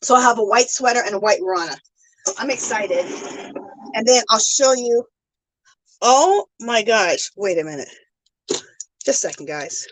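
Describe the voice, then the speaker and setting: A woman's voice: fairly high pitch, expressive, unhurried, pauses often, low-quality recording. A woman hosting a casual craft livestream, chatting with viewers and gushing with thanks. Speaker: livestream host.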